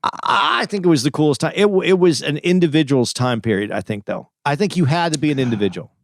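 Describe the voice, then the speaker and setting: Podcast co-host, man, fairly high voice, reflective storyteller, dry mic. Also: animated, fast talker, gravelly, no room sound. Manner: reflective storytelling, many restarts. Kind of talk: casual podcast chat.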